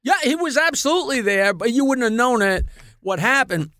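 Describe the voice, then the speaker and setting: A man telling comic show-business stories in casual chat, animated and laughing through his punchlines. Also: extremely high pitch, fairly quick, no room sound. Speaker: guest comedian. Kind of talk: casual storytelling.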